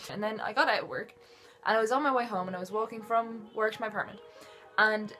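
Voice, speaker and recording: A woman's voice: medium pitch, fast, fairly bright tone, soft background music. Chatty young woman telling a story. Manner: chatty, rambling, dry asides. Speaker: vlogger. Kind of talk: casual storytelling.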